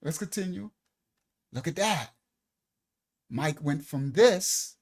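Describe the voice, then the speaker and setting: A middle-aged male minister tells a personal story in a sermon, talking in a casual, animated way and often repeating words. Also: a little high, slow pace.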